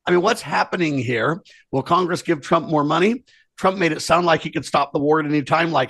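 A man's voice: on the high side, brisk, creaky, a bit bright, husky, no room sound. A man co-hosting a political talk show, speaking earnestly and emphatically and addressing listeners directly. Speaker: co-host. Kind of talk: political commentary chat.

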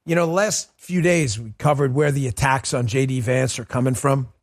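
A man's voice: medium pitch, normal speed. A man hosting a livestreamed political commentary show, ranting in an emphatic, sarcastic way. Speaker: political talk show host.

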